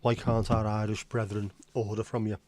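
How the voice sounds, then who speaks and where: A man's voice: lowish voice, flat delivery, moderate pace, darkish tone. A man hosting a livestream in casual, rambling chat, blunt and now and then swearing. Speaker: livestream host.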